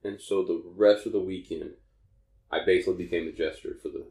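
A man with a notably low voice talks casually on a podcast, drifting through a story and backing up to restart his sentences as he goes. The room around him is echoey. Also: steady tone, a little fast, dark tone. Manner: rambling, self-correcting storyteller. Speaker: podcast co-host.

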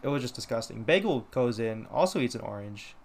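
A man's voice: mid-range voice, lively intonation, fairly quick. A young man co-hosting a casual podcast, telling a rambling story full of "like" and quoted lines. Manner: rambling, lots of "like", quoting others. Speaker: podcast co-host.

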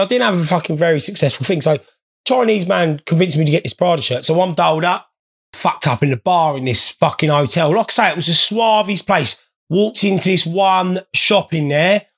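A man's voice: high voice, a bit bright. A man telling rambling, sweary comic anecdotes in a blokey way. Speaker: storyteller. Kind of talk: comic storytelling.

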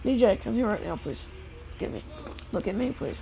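A woman filming her children playing outside in the snow, narrating casually and calling out gentle, firm warnings to the kids. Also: medium pitch, lively intonation, fairly quick, gravelly, noisy background. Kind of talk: casual family vlog. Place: outdoors in the snow.

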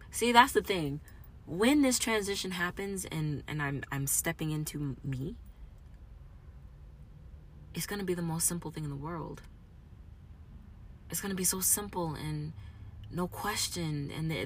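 A woman in a raw, emotional personal monologue, moving between quiet reflection and angry outbursts. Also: low voice, slight background noise.

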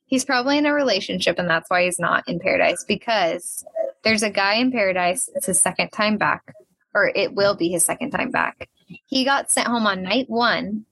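Young woman, podcast co-host, casual chat, animated, mid-pitched, lots of "like". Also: moderate pace, gravelly, husky. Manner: animated, laughs often, uses "like" a lot. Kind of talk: casual chat recapping a reality show.

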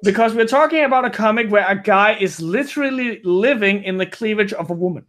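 A man's voice: sits high, animated, brisk, fairly bright tone. A man who is not a native English speaker, telling a long story in casual podcast chat, rambling with many restarts. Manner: rambling, frequent restarts and self-corrections. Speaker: guest storyteller.

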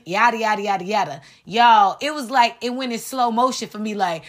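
A woman hosting a podcast, telling a personal story in an animated, dramatic way and speaking straight to her listeners. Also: a little high, moderate pace, hardly any pauses. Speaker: podcast host.

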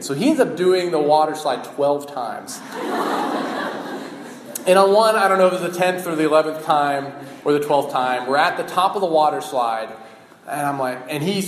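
A man in his thirties giving a relaxed sermon and telling a personal story, with frequent filler pauses. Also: fairly high pitch. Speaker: campus minister. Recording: echoey hall with faint background noise.

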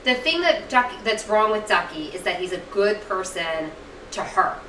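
A woman co-hosting a casual film review podcast, animated and swearing freely as she acts out lines from the movie. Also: medium pitch, normal speed, reverberant, far from the mic, a little hiss or hum, low-quality recording. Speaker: podcast co-host.

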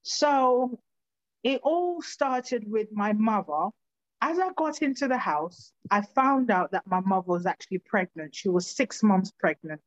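A woman from Nigeria telling her own life story in an earnest, halting way, often restarting her sentences. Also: mid-range voice, expressive, dry recording, lo-fi sound. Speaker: personal storyteller. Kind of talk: recounting a personal life story.

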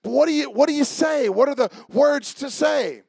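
An expressive, gravelly male pastor preaches at normal speed in church, opening low and conversational before building to shouts and naming members of the church. It's a dry recording.

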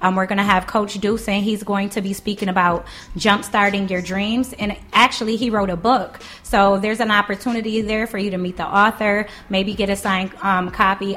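A woman co-hosting a podcast in casual, joking chat. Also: medium pitch. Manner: joking, animated. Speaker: co-host.

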